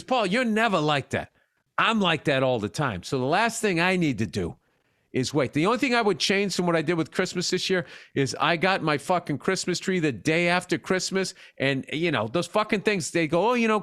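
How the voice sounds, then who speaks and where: A man's voice: a little high, a bit bright, no echo. Profane ranting man, dry close sound. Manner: profane, ranting, mimics people in exaggerated voices. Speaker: podcast co-host. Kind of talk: casual comedic chat.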